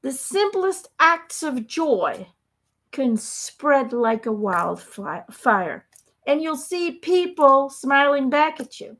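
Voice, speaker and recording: Woman, spiritual host, high voice with a gravelly edge, emphatic and repetitive. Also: fairly bright tone. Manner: emphatic, repetitive, frequent "okay?". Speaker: spiritual channeler. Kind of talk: live motivational talk.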